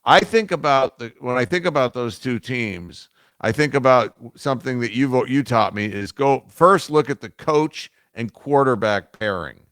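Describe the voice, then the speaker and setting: A man's voice: medium pitch, moderate pace, a bit bright, dry recording, studio quality. A man co-hosting a sports talk show, chatting about football in a laid-back way with wry asides. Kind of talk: casual sports debate.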